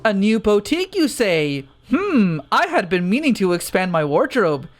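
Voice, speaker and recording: A man's voice: high voice, big pitch swings, faint music behind. A man voicing a spoiled, pompous young nobleman with a nasal, whining voice, reading game dialogue aloud. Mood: complaining. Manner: haughty, drawn-out complaining.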